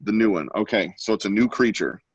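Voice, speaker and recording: A man's voice: on the low side, fairly quick, lo-fi sound, a little hiss or hum. A man hosting an online art class over a video call, giving playful, joking running commentary. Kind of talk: casual live-stream teaching.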